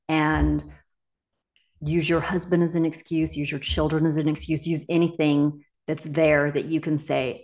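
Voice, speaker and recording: A woman's voice: low-pitched, flat delivery, takes it slowly, a little mellow. A middle-aged woman coach and podcast host, talking casually, candid and emphatic, swearing freely. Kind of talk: casual solo podcast talk.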